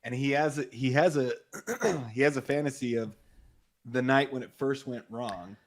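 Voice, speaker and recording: A man's voice: mid-range voice, normal speed. A man co-hosting a podcast, enthusiastically recapping a film in casual chat, laughing often and agreeing a lot. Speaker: podcast co-host.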